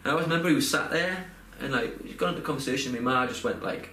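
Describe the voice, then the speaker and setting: A young man talks through a personal story in a loose, heartfelt way, circling back with fillers and restarts. His voice sits at an ordinary middle pitch. The room gives it a noticeable echo, with a faint hum of noise underneath. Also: racing, bright, forceful tone. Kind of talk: casual podcast chat.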